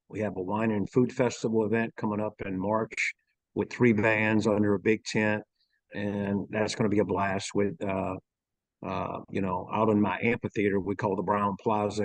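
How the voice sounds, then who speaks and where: A middle-aged man with a Louisiana accent speaks slowly in a low voice. He halts and fills his pauses as he talks about his ranch. The sound is dry and close. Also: no echo, rough recording. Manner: slow, halting, with many fillers. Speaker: golf ranch owner. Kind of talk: casual interview talk.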